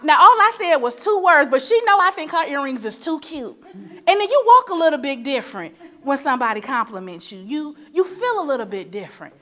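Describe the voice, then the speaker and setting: Woman from Michigan, forum moderator: preacher-like motivational delivery, playful storytelling, slightly high pitch. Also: a little fast. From Michigan, USA. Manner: preacher-like, rhetorical questions to the audience; lively storytelling with playful asides. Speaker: panel moderator.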